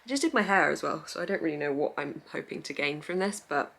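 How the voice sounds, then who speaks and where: A woman's voice: low-pitched, lively intonation, quick pace, vocal fry, few pauses, fairly bright tone. A young woman chatting casually on her reading vlog, rambling, giggly and easily sidetracked. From England. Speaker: book vlogger.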